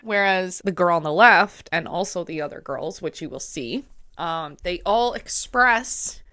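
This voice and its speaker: A woman giving casual, chatty film commentary, laughing often and pausing with fillers. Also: fairly low pitch, animated, bright, forceful tone, dry recording. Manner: chatty, laughs often, acts out quoted lines; frequent fillers and hesitations.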